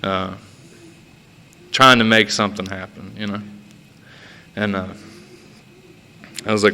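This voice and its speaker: A man's voice: on the low side, flat delivery, takes it slowly, long pauses, pushed and bright, a little hiss or hum. A man sharing a personal recovery story at a meeting, profane and self-mocking, laughing at himself as he talks. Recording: reverberant hall.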